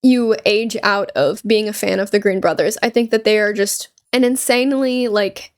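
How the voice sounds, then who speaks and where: A woman's voice: medium pitch, moderate pace, clean tone. A young woman chatting casually over a gameplay video, rambling through stories with lots of fillers and laughter. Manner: rambling, animated storytelling with frequent "like" and laughs. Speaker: gaming YouTuber; store cashier.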